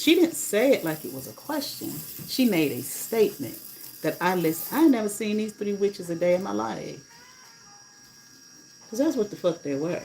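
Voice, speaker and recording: A woman's voice: fairly low pitch, lively intonation, moderate pace, a little mellow, a little hiss or hum, poor audio. A woman on a casual livestream, telling a story bluntly and indignantly and swearing freely. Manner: blunt, profane, indignant retelling. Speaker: livestreamer and rideshare driver.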